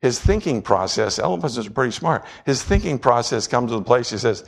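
A man preaching a sermon in a church, telling a story with lively asides and often clearing his throat. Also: medium pitch, fairly quick, few pauses. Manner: storytelling, animated, acts out voices and sounds. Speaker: pastor. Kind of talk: sermon with object lesson.

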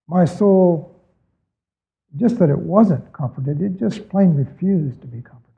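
Man, pastor, sermon, earnest measured delivery, rhetorical questions, somewhat high voice, phone-like audio. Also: vocal fry, slightly rough. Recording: tinny phone-like recording.

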